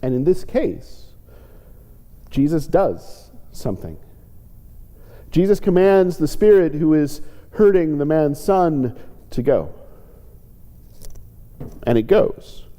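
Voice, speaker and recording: A man's voice: very animated, takes it slowly, pauses often, dark tone. A male pastor giving a reflective sermon, sometimes voicing the pleas of people he describes. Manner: reflective, acts out quoted pleas with lifted pitch. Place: church sanctuary. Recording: church sanctuary with long reverb.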